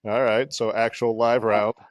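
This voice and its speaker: A man's voice: fairly low pitch, level tone, measured pace, no room sound. A man hosting a casual golf podcast, running the show and teasing his co-host with joking questions. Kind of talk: casual chat.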